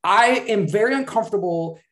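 A woman's voice: mid-range voice, animated, brisk, a bit bright. A woman on a podcast, chatting candidly and self-deprecatingly. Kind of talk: casual chat.

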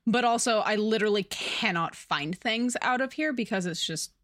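A woman's voice: a little high, moderate pace, a bit bright. A woman co-hosting a podcast, talking candidly and chattily about a book, with plenty of swearing. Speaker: podcast co-host. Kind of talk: casual chat about a book.

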